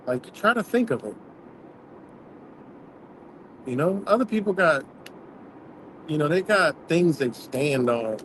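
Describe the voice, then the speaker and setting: A man with a slightly high voice rants bluntly and profanely, rambling from story to story as host of his own livestream. Steady road noise hums loudly behind him, as if he is talking from inside a moving vehicle. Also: moderate pace, poor audio. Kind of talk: casual rant.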